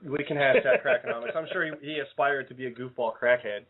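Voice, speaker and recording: Quick-talking guy cracking jokes on a radio show, sounds like it's coming through a phone line. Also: medium pitch, over a noisy crowd. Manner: joking, makes things up as he goes. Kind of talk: casual comedic banter. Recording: phone-like narrow-band audio.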